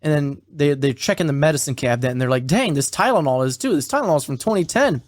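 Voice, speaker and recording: A man's voice: fairly high pitch, fast, no room sound. Casual man recapping a story, dry close mic. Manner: quotes characters in a flat retelling voice, swears casually. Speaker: podcast co-host.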